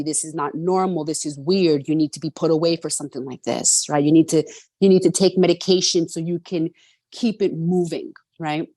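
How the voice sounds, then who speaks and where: A woman's voice: on the low side, darkish tone, dry recording. A middle-aged woman from New York City, a guest telling her personal story in an earnest way, often adding "right?", over a video call.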